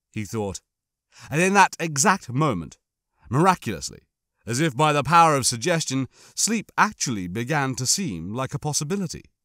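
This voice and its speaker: A man narrating an audiobook in a measured, somber, dramatic reading. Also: medium pitch, fairly bright tone, no room sound, clean studio sound.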